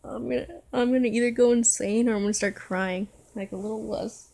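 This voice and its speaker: A woman's voice: on the high side, fairly even intonation, a little fast, creaky, warm tone, a little hiss or hum. A woman commentating a reaction video in a casual way, jittery and easily frightened, talking herself through it.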